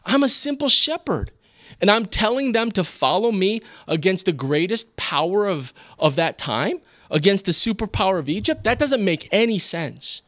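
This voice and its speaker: A man's voice: high-pitched, lively intonation, normal speed, fairly bright tone. A man voicing Moses as an anxious, self-doubting older man pleading his excuses.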